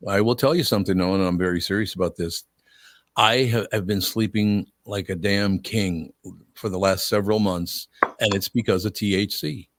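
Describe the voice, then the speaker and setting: Laughing easily, an older male host shares stories on casual talk radio in a blunt, relaxed manner. His lowish voice keeps a fairly even intonation and a moderate pace.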